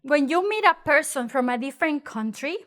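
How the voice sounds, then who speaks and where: A woman with a Mexican accent gives a loose, conversational Spanish lesson, speaking in English. Her voice sits high, and she keeps things lively by acting out the phrases she explains. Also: brisk. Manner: chatty, animated, acts out mocking exaggerated voices. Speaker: Spanish teacher. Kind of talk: casual spoken lesson.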